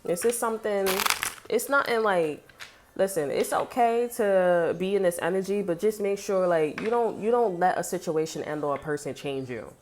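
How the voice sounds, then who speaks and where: A woman's voice: lowish voice, normal speed, music in the background. A woman giving a casual tarot reading, blunt and sassy, swearing freely and talking straight to the viewer. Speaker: tarot reader.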